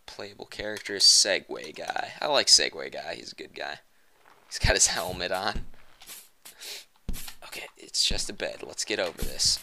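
A man's voice: sits low, creaky, a little hiss or hum. A young man giving joking let's-play commentary, muttering one moment and yelping the next. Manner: jokey, swings from muttering to yelping shouts. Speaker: gaming commentator.

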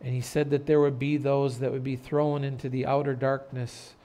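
A man pastor preaching an earnest sermon in a church, turning loud and dramatic when telling a story. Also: medium pitch, flat delivery, normal speed. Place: church sanctuary.

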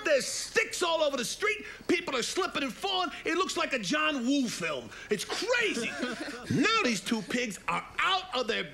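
A middle-aged man, telling a children's story as an animated wise-guy and using mob slang. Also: extremely high pitch, moderate pace, creaky. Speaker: mobster character telling a bedtime story. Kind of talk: comedic sketch storytelling.

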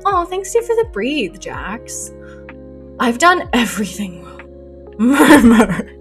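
A woman's voice: fairly high pitch, wildly swooping pitch, slow pace. A young woman chatting casually on a live art stream, rambling and giggling as she reads chat aloud. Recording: faint music under voice. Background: soft lo-fi music.

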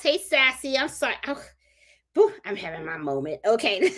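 Puerto rican lady chatting on her craft livestream, higher voice, says things twice for emphasis. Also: expressive, normal speed, a bit bright. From Puerto Rico. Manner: chatty, repeats herself for emphasis. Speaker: crafting channel host. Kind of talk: casual live-stream chat.

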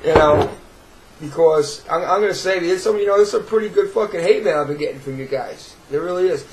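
High-voiced New York guy, swearing and sarcastic, rambling vlog rant. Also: brisk, darkish tone, a little hiss or hum, low-quality recording. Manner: profane, sarcastic, rambling with repeated restarts. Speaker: video blogger. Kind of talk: ranting to camera.

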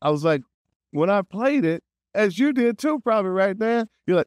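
A man guesting on an interview, telling stories in a lively way, often laughing and acting out quotes. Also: high voice, fairly quick, no room sound, studio quality. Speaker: voice actor guest. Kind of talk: casual interview storytelling.

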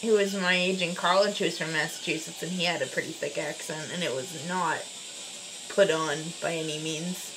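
A woman's voice: low voice, fairly even intonation, moderate pace, background noise. A woman in her twenties co-hosting a casual livestream, reading viewer comments aloud and laughing often. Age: 20s. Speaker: co-host reading chat.

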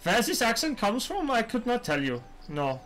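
A man's voice: very high-pitched, huge pitch swings, moderate pace, a bit bright. A man commenting casually on a game he is playing as a streamer, chatty, swearing often and talking back at the screen.

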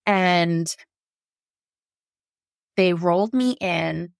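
A woman's voice: drawn-out words, gravelly, no echo, studio quality. A woman in her thirties, a nurse, telling her own birth story as a podcast guest, candid and emotional, acting out what she said back then. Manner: emotional, acts out her own quoted lines with rising pitch.

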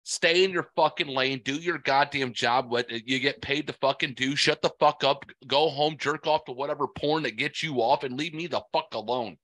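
Foul-mouthed man ranting, bright and dry. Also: mid-range voice, moderate pace, few pauses, dry recording. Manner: profane angry ranting. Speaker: podcast host. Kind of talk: casual podcast chat.

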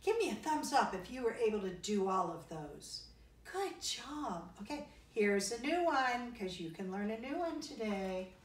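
A very animated woman with a fairly high voice runs a cheerful kindergarten music class, clapping rhythms, singing and spelling along with the kids in a slow, sing-song, encouraging way. The room is echoey, and her voice comes from a distance.

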